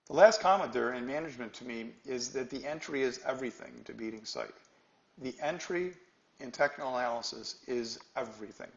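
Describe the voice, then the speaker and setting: A man's voice: mid-range voice, fairly quick, creaky, roomy sound, poor audio. A man teaching a live trading class, emphatic and quizzing his students with questions. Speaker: trading instructor.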